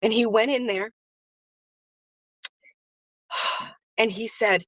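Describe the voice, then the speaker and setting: A woman with a fairly bright, mid-range voice talks very slowly and pauses often, with no echo. She is a faith-based business coach hosting a live stream, and her motivational talk is earnest and emotional, with repeated phrases and viewers greeted by name.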